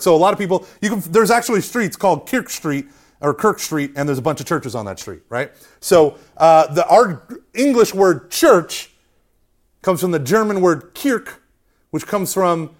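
A man teaching an informal Catholic Bible class, joking often and checking in with "right?" after his points. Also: high-pitched. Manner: animated, joking, keeps asking "right?". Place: hot meeting room with a live class.

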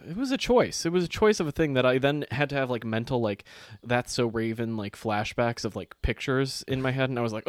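A man's voice: mid-range voice, quick pace, no room sound, clean studio sound. A man co-hosting a podcast in casual chat, telling stories with a sarcastic, profane edge. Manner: profane, sarcastic, animated storytelling. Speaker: podcast co-host.

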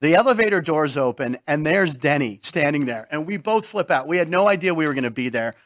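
A man's voice: fairly high pitch, animated, brisk, fairly bright tone. Joking talk show host man. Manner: jokey, name-dropping, eggs guests on. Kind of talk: casual talk show chat.

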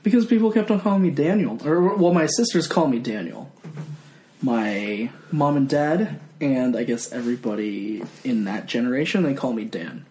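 A man's voice: mid-range voice, moderate pace. A man chatting as a podcast guest, telling family stories with bursts of mock outrage. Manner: animated storyteller, drops into mock outrage. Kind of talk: casual podcast chat. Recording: roomy echo with faint noise.

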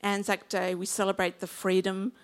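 A woman's voice: mid-range voice, completely flat delivery, moderate pace. A woman in her fifties with an Australian accent, preaching a sermon in a chatty, humorous way and drawing in the congregation. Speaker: pastor.

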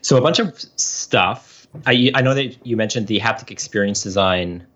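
A man in his thirties, a professor, explains his research in relaxed, rambling sentences full of fillers. His voice sits on the low side. The recording sounds dull and lo-fi. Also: moderate pace. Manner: chatty, explanatory, with frequent fillers. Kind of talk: casual podcast interview.

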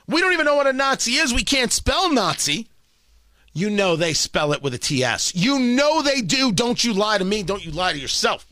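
A man's voice: sits high, bright, forceful tone, no room sound. A man hosting a talk radio show, delivering an emphatic, sarcastic monologue that hammers points through repetition, from a studio microphone. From Indianapolis. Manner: emphatic, sarcastic, repeats phrases for punch.

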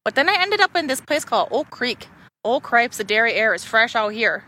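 A woman's voice: big pitch swings, fairly quick, sharp tone. A woman putting on a bubbly, folksy Wisconsin accent, playing a cheerful motorcycle rider in a comic video. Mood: chirpy. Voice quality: high, bubbly, folksy exclamations.

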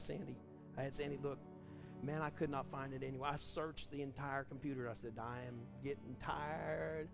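A man preaching a sermon at a church service, fervent, swinging between loud outbursts and quiet storytelling. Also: fairly high pitch. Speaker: pastor.

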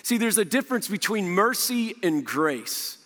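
A man preaching a sermon, animated, often acting out what the people in the story say. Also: high-pitched, measured pace. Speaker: pastor. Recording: reverberant hall.

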